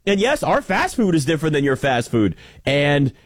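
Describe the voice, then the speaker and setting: A man's voice: on the high side, moderate pace, no echo. Dry-miked man in a sarcastic sports rant. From United States. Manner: ranting, animated, sarcastic asides. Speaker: sports talk host. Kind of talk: opinionated sports talk monologue.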